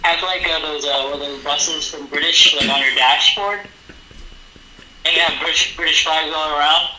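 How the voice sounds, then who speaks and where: A man's voice: a little high, moderate pace, roomy sound, crowd noise, low-quality recording. A man co-hosting a casual chat, joking and telling stories. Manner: joking, storytelling, laughs often.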